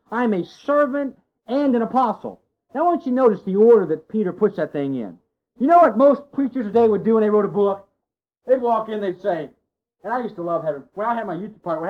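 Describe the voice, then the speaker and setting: A man preaching a sermon to his congregation, folksy and animated, full of rhetorical questions. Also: sits high. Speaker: pastor. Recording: dull lo-fi sound.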